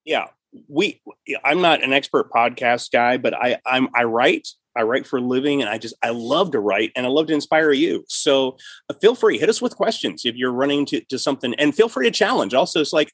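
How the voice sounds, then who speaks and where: A middle-aged man hosting a podcast, talking in a lively, loose way that keeps doubling back on itself. His voice is husky and a little breathy. The sound is dry and close, with no room echo. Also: mid-range voice, brisk. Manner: animated, restarts and repeats often. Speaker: podcast host and writer. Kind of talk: casual chat.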